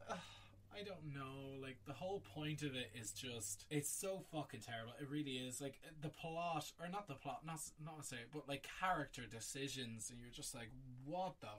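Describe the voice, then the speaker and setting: A man's voice: medium pitch, fairly quick, fairly bright tone, distant mic. A man co-hosting a podcast, rambling in casual film chat, swearing and laughing often. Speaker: podcast co-host.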